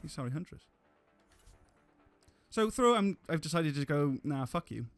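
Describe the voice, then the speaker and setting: A man's voice: a little high, animated, a little slow, dry recording, faint music behind. A man giving casual gameplay commentary on a live stream, rambling with restarts and casual swearing.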